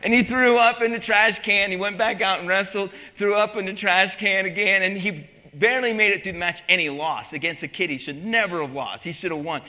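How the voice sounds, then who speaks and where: A man preaching a sermon, telling a story from his coaching days with animated emphasis and acted-out quotes. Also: high-pitched, brisk, few pauses. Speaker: pastor and former wrestling coach. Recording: long hall reverb.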